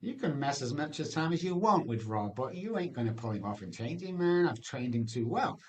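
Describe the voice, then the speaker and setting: A man voicing Jesus as a relaxed, slangy, confident figure in a told story. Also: mid-range voice, brisk, a little hiss or hum, voice pushed up, lightly acted. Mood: laid-back. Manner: easygoing, slangy, unbothered.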